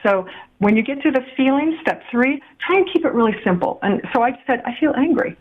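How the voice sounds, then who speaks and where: Her voice sits high, and she's animated and a little fast. A middle-aged woman appearing as a guest relationship coach on a podcast, she warmly walks through a communication method via a tinny phone line, breaking into laughter as she gives examples.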